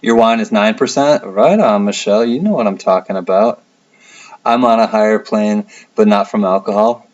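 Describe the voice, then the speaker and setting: Chill guy chatting with viewers on a stream, kinda low voice, laughs a lot, dull sound. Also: normal speed, darkish tone. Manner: laid-back, rambling, laughs often. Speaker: livestream host. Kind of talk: casual chat reading viewer comments.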